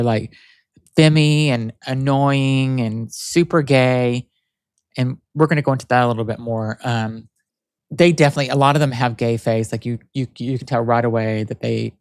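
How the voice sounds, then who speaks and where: A man's voice: mid-range voice, clean tone, no room sound, studio quality. A man hosting his own podcast, talking casually and rambling with lots of fillers and restarts, his voice not very masculine. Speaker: podcast host. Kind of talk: casual solo podcast chat.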